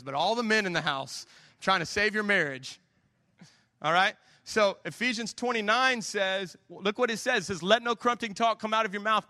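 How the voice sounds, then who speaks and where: A man's voice: sits high, bright, forceful tone, long reverb tail. A man, preaching a conversational sermon and acting out dialogue from his own stories. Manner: conversational, self-deprecating storytelling with acted-out dialogue. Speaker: pastor.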